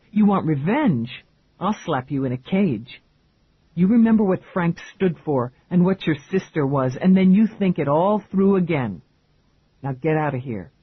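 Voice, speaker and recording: A man's voice: sits high, breathy edge, dry recording, pitched above the performer's own voice, full character voice. A man reading a blunt female police lieutenant in an audiobook, curt, dry and commanding. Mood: stern. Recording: tinny phone-like band, dry.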